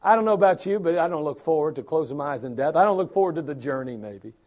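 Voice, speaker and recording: A man's voice: a little high, lively intonation, quick pace, darkish tone. An older man preaching a sermon as pastor, repeating lines and building to bursts of emphasis.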